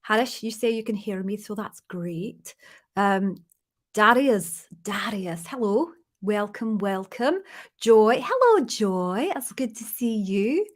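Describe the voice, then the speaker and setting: A woman's voice: mid-range voice, animated, slow pace. A woman putting on a Scottish accent to greet viewers one by one as a cheery host. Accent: put-on Scottish. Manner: playful greetings, jokey.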